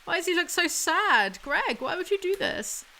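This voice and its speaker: A woman reading a picture book aloud as ASMR commentary, with mocking, deadpan asides. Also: extremely high pitch, normal speed, rough recording.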